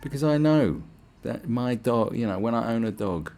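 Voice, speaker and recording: A man's voice: mid-range voice, expressive, normal speed, dark tone. A man hosting a podcast, delivering a crude, sarcastic solo rant full of swearing and mocking put-on voices. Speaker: podcast host. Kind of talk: ranting monologue.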